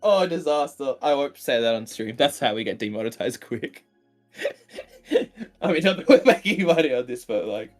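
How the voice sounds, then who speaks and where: Tired giggly guy doing stream banter, medium voice, soft music in background. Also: medium pitch, animated, moderate pace. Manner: giggly, silly, keeps laughing at his own jokes. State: tired after a long day. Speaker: co-commentator.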